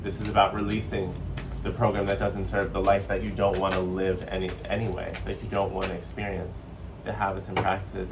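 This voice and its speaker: Sassy low-voiced man reading tarot. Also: far from the mic. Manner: playful, sassy, slips into joking accents; chatty, excitable. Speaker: tarot reader. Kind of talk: casual spiritual tarot reading.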